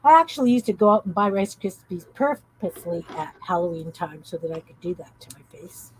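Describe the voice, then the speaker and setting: A woman's voice: on the low side, lively intonation, fairly quick, a little hiss or hum, rough recording. A woman hosting a casual crafting live stream, tired, rambling and giggling as she chats with viewers.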